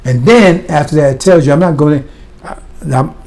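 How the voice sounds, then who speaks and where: Fiery preacher man with a mellow voice. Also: fairly high pitch, normal speed. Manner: impassioned, blunt, fires rhetorical questions at listeners. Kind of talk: fiery sermon.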